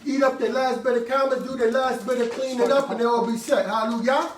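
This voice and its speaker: High-voiced preacher in an echoey room. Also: male voice, steady tone, fast talker. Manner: call-and-response preaching with shouted bursts; casual slangy asides to the congregation. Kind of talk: sermon. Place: worship room with congregation. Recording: echoey room, mic far off, faint noise.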